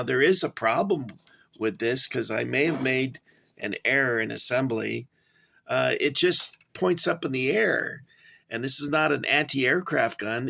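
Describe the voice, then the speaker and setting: A creaky, mid-range voice with a fairly bright tone belongs to a man reviewing a toy gun model for viewers. Working in a cramped home space, he rambles casually, using many fillers and chatting to "guys."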